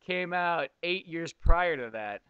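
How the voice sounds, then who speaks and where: A man's voice: a little high, animated, slow pace, clean tone, no room sound, phone-quality sound. A man in his twenties co-hosting a podcast, rambling casually about movies and shows. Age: 20s. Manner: chatty, rambling, trails off. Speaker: podcast co-host.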